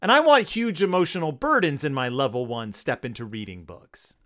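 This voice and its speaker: A man's voice: a little high, wildly swooping pitch, brisk, a bit bright. A man hosting a comedic podcast, reviewing a children's book with sarcasm and goofy character voices. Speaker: podcast host.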